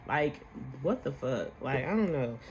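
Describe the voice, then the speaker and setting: A woman's voice: very deep voice, expressive, unhurried, darkish tone, lo-fi sound, a little hiss or hum. A young woman hosting a casual reality show recap, blunt and heated, swearing freely.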